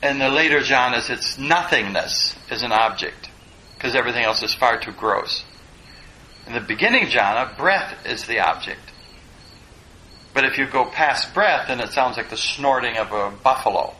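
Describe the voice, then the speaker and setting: A man's voice: medium pitch, lively intonation, normal speed, bright, forceful tone, slight background noise, rough recording. A man teaching a meditation class, plain-spoken and digressive, poking fun at himself as he goes. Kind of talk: dharma class talk.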